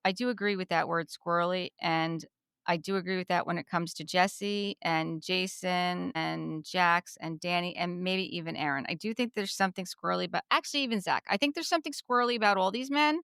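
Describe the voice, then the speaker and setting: Chatty woman podcast co-host, smooth voice. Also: lowish voice, brisk, dry recording, studio quality. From New Jersey. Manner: chatty, repeats herself, animated retelling. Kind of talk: casual chat recapping a reality show.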